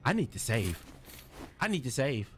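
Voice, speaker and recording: A young man giving casual gameplay commentary, jumpy and loud, repeating exclamations and slang as he plays. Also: medium pitch, sing-song, normal speed. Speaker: gaming streamer.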